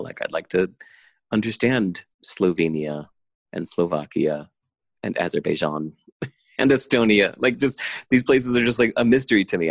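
A middle-aged man with a low, gravelly voice speaks in a casual interview. He talks intensely and in an animated way, full of "like" and restarts. The sound is dry and close. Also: no room sound. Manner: intense, animated, lots of "like" fillers. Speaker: guest. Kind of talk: casual conversation. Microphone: remote call.

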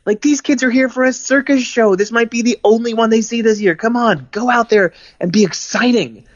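A man imitating his exasperated circus boss urging him to be more exciting. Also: extremely high pitch, brisk, dry recording, lo-fi sound, voice pushed up. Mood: insistent. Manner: urgent, insistent, coaxing.

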